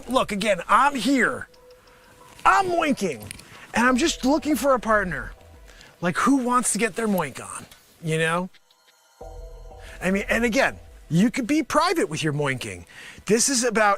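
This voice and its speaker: A man delivers a rambling, sarcastic comedy pitch to an imagined panel of investors. His voice sits high and swings widely in pitch as he talks back to them. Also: bright, forceful tone. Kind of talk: improvised comedy monologue.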